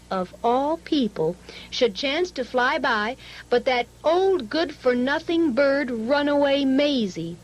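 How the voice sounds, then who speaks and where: Lady reading a kids story in a singsong way, slow and really lively. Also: on the high side, poor audio.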